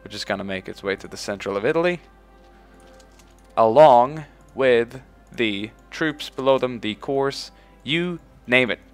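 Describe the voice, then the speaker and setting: During a let's play, a man with a plain mid-pitched voice gives loose, unhurried commentary over soft background music. Excitable and casually swearing, he addresses his in-game units like his own troops, barking orders and shouting "boom" as he gives them.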